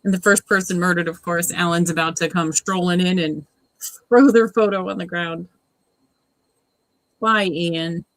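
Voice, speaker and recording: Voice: medium pitch, steady tone, a little slow, pauses often, a bit bright, no echo, poor audio. A host giving casual, exasperated running commentary at a live watch party, sarcastic and mimicking the people on screen.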